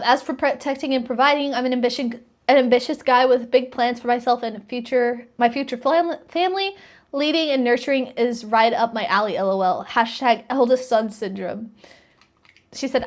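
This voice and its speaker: A woman's voice: on the high side, normal speed. A woman streamer casually reading out text messages and chatting her thoughts about them. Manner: reads messages aloud and comments, chatty and wondering. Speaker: streamer reacting to posts. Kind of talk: casual reaction commentary.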